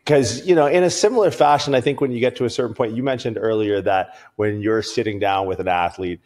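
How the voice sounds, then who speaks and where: A man talking as a podcast guest, telling stories in a rambling, profane and animated way. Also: on the low side, fast talker. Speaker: podcast guest, performance coach. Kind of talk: casual podcast conversation.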